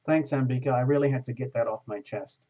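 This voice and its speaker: A man of middle pitch talks through a tarot reading in a relaxed online style. He coaxes and reassures, slowing down whenever he reads aloud. The audio is a little dull and lo-fi. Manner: gentle, coaxing, slows to read aloud. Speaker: tarot reader.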